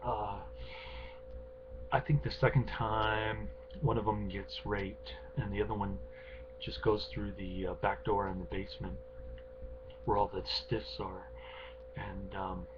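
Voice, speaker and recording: A man's voice: steady tone, measured pace, pauses often. A man giving a casual, unscripted film review, rambling and offhand with lots of ums and uhs. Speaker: movie reviewer. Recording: dull lo-fi recording with clear background rumble.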